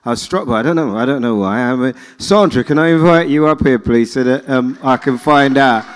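A man's voice: medium pitch, a little fast, smooth. Man hosting a live event in a big hall. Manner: jokey, chatty, warm interviewer with many restarts. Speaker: host. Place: indoor event venue with audience.

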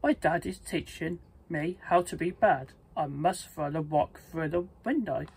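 Storybook read-aloud: a reader doing a gentle young wolf cub, breathy, slow. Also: mid-range voice. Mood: earnest. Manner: slow, plain storybook reading with restarts. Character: young male wolf cub, kind and reluctant.

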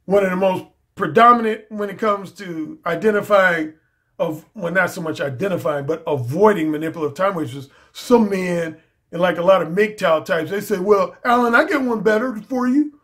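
A man's voice: sits high, normal speed, a bit bright. A man speaking as a dating coach in a casual video monologue, emphatic and slangy, often repeating his key phrases.

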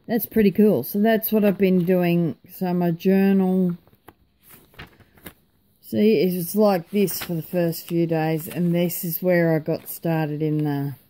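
Tired woman vlogger, chatty and rambling, slow and mellow, lowish voice. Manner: chatty, rambling, self-mocking. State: tired, yawning. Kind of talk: casual chat.

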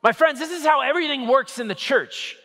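A man in his thirties, a Catholic priest, preaching a sermon with lively, humorous storytelling. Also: extremely high pitch, brisk. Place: church. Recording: echoey church hall.

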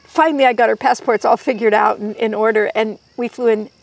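A woman guest in an interview, telling stories in a lively way and quoting people as she goes. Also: a little high, brisk, vocal fry, no room sound. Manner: lively storyteller, quoting others in their voices. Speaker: guest herbalist. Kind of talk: storytelling in an interview.

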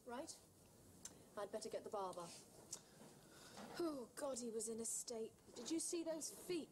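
An actress playing a brisk young female ward nurse in a 1970s television drama, crisp and matter-of-fact. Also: fairly high pitch, animated. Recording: noisy old television audio.

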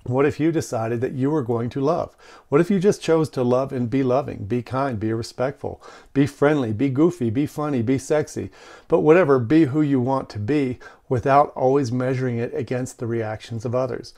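A man hosting a men's relationship video, casually recorded in his workshop and telling a story with animated quoted lines. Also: normal speed. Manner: animated storyteller, quoting with raised pitch. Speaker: host of a men's relationship channel. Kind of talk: casual talking-head video.

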